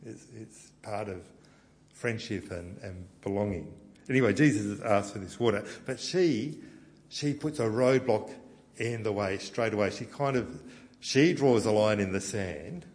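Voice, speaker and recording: A middle-aged man with an Australian accent preaching a sermon in a relaxed, conversational, anecdotal way. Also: lowish voice, measured pace. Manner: conversational and anecdotal, with frequent fillers and restarts. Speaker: pastor.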